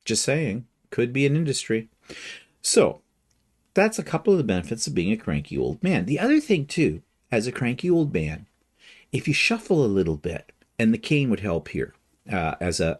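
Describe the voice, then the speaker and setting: A man's voice: fairly low pitch, a little mellow, husky. An older man hosting a casual vlog, joking through a wry, humorous rant. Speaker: quilting vlogger.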